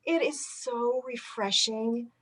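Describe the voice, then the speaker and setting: A woman performing a stand-up comedy set with animated, punchy delivery. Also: a little high, takes it slowly, rough recording. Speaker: stand-up comic.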